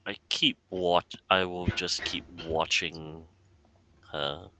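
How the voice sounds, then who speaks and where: A man playing in a tabletop game, speaking slowly and tentatively. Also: deep voice, fairly even intonation, noisy background. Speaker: player.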